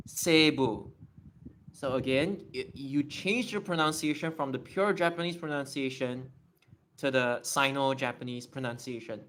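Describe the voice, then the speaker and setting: Casual young male streamer; unhurried delivery, talks through his writing as he goes. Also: medium pitch, fairly bright tone, a little hiss or hum. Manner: explains step by step while writing, thinking aloud. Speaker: livestreamer. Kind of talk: casual livestream explanation.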